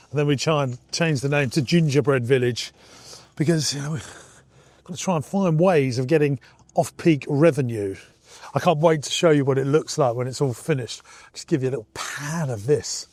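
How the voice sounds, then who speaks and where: A man's voice: fairly high pitch, a little mellow, no echo. A man, an entrepreneur chatting to viewers as he walks around his farm and warehouses, enthusiastic and casual. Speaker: entrepreneur vlogger. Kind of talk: walk-and-talk vlog.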